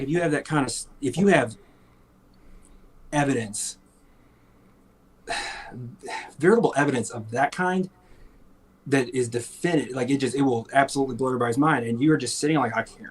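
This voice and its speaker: Husky, sarcastic man cussing casually. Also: mid-range voice, low-quality recording. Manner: profane, sarcastic, laughs often, mocks in put-on voices. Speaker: podcast co-host. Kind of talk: casual chat.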